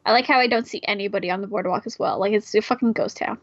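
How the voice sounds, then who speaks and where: A woman reading a visual novel aloud and chatting, animated and joking, swearing often. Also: mid-range voice, racing. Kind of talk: casual let's play chat and reading. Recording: dry, slightly muffled mic.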